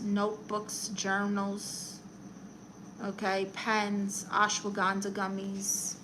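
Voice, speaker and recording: A woman's voice: medium pitch, noisy background, lightly acted. A woman playing a brash, blunt middle-aged aunt who calls herself a therapist, chatting on a live stream while she colors and reads the chat. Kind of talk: improvised character comedy live stream.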